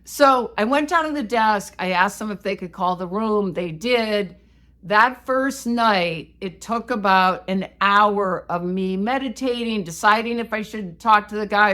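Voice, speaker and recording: A woman co-hosting a podcast, telling a story in a casual, animated, self-mocking way. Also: mid-range voice. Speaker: podcast co-host.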